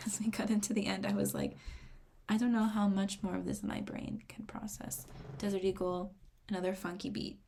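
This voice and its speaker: Gravelly-voiced excitable young woman. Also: medium pitch, moderate pace, a little hiss or hum. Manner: excitable, rambling, often drops to a whisper while reading notes. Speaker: music reaction vlogger. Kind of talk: casual reaction commentary.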